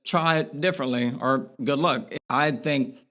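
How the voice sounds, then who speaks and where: A man's voice: mid-range voice, a little slow, a bit bright. A young man as a podcast guest, talking earnestly and rambling in a candid interview, with lots of fillers and restarts.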